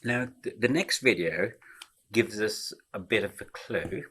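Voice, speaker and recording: A male lecturer explains a subject step by step, often pausing on fillers and restarting sentences. His voice sits a little low and has a bright, forceful edge. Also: slightly rough. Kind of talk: explanatory talk.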